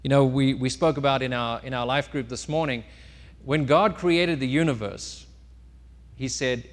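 A male pastor delivers a sermon in a mid-range voice, swinging between loud, emphatic lines and quieter ones as he tells a story. His voice rings out with the long reverb of a church hall. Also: medium pitch, normal speed. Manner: storytelling, lively rises and drops in loudness.

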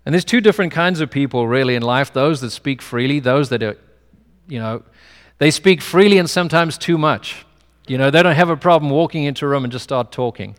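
Talking a little fast at medium pitch, this male pastor preaches informally and leans on personal anecdotes. His English carries a non-American accent, and long hall reverb trails his words.

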